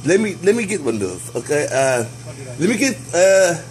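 A young man hosting his own vlog, rambling erratically with sudden loud, excited swings. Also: fairly high pitch, normal speed, a little hiss or hum, low-quality recording. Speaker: vlog host. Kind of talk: rambling self-recorded vlog.

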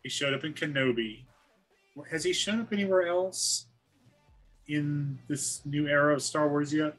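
A man's voice: fairly high pitch, measured pace, a bit bright, soft background music, poor audio. A man hosting a casual podcast chat, enthusiastic and handing turns to his guests. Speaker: podcast host.

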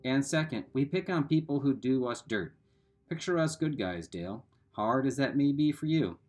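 A fierce, sarcastic teenage girl, as a man reading a novel puts her on, cutting and scolding. Her voice sits at a middle pitch, with faint music behind it. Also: expressive, moderate pace, a little mellow, lightly acted. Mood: sharp.

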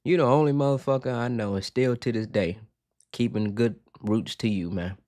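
Excitable man reacting, dry mic. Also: mid-range voice, moderate pace, no room sound. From Virginia, USA. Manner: excitable, profane, keeps repeating "man". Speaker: reaction video host. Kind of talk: casual reaction commentary. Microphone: headphones on, talking to camera.

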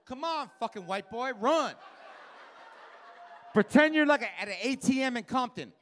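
A man's voice: extremely high pitch, lively intonation, normal speed, a bit bright, slight background noise. A man doing live stand-up in a comedy club, working the crowd with a brash, profane, teasing manner into a handheld stage mic.

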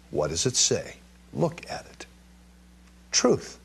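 Male Bible teacher from Jerusalem, husky voice, animated emphatic delivery with stammered restarts. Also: deep voice, slow, long pauses.

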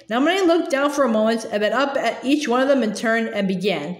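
A woman reading a novel aloud as narrator, steady with small slips and restarts. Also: fairly high pitch, fairly quick, hardly any pauses, roomy sound. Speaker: audiobook reader.

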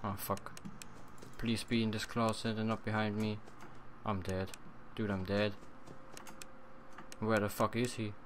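A young man doing horror game commentary at home on a desk mic, swearing often and yelling at jump scares. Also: on the low side, little pitch movement, measured pace, pauses often, a little hiss or hum. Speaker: let's play gamer.

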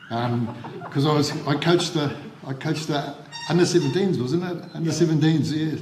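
An older man with a New Zealand accent, a former coach giving a funeral eulogy, halting with repeated words and ums. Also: fairly high pitch, darkish tone, slight background noise. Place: funeral service hall. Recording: echoey hall on livestream.

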